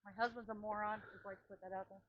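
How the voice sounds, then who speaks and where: A woman's voice: mid-range voice, flat delivery, racing, no echo, phone-quality sound. A woman on an outdoor park trail, making teasing, laughing asides to her husband. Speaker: wife of the vlogger.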